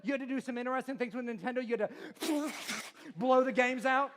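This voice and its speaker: A pastor in his forties with a very high-pitched voice speaks briskly during a humorous sermon in a large church auditorium. He jokes, quizzes the crowd, and laughs often, with the hall's long reverb audible.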